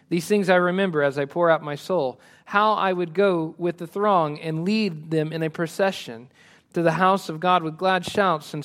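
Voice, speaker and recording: Man preaching a sermon, fairly high voice. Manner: preaching with swells of emphasis and soft dropped asides. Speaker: pastor.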